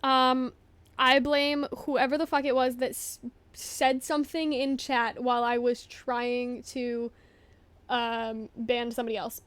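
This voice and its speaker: A young woman livestreaming, chatting casually in a flustered, apologetic way that swings from hushed whispers to loud outbursts. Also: fairly high pitch, level tone, unhurried, dry recording.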